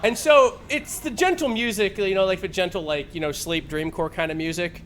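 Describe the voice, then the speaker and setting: A man's voice: high voice, brisk, a little hiss or hum. A man streaming a game, chatting casually with lots of swearing and laughter. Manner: animated, swearing, laughing often. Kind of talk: casual chat while gaming.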